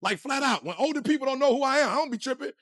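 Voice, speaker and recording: Male motivational speaker, high and punchy, preaching to the crowd, dry sound. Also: racing, no echo. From Detroit, USA. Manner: energetic, preachy, slang-heavy, addresses the crowd directly. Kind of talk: motivational speech.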